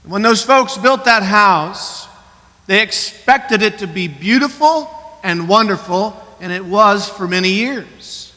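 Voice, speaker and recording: Bright high-voiced preacher in a reverberant church. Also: male voice, lively intonation. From Colorado. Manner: earnest, questioning, shifts between quick and slow emphatic delivery. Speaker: pastor. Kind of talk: sermon. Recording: church hall with long reverb.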